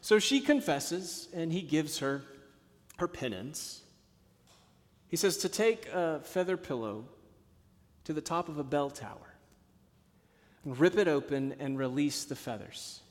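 A man preaching a sermon as a pastor, telling stories and moving from hushed, low passages to emphatic ones. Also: lively intonation, measured pace, pauses often. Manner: storytelling, swings from hushed to emphatic. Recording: long hall reverb.

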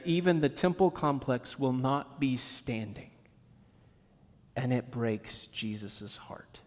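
A man preaching a sermon as pastor, acting out quotes and dropping to a soft hush on sad points. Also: medium pitch, long reverb tail.

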